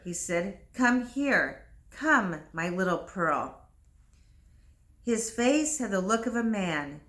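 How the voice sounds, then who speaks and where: A woman narrating a read-along storybook at a slow, deliberate pace. Her voice is bright and clear, each sentence set out carefully for learners. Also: medium pitch. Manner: clear, careful, measured reading. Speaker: reader.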